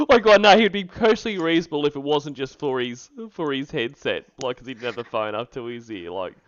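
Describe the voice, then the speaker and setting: A man hosting a stream, chatting casually, rambling through shout-outs and laughing often. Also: mid-range voice, expressive, a little fast, dull audio. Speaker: streamer host.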